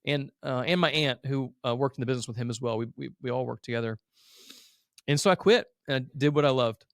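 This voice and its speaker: A man's voice: medium pitch, quick pace, no echo, clean studio sound. Earnest, emotional man telling his story. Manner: earnest and emotional, a self-described crier. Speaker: guest, agency owner. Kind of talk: candid conversational storytelling.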